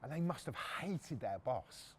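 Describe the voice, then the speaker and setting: A man's voice: mid-range voice, lively intonation, unhurried, breathy edge. A middle-aged man, hosting a podcast and casually telling a story from his working life, blunt and swearing freely. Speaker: podcast host.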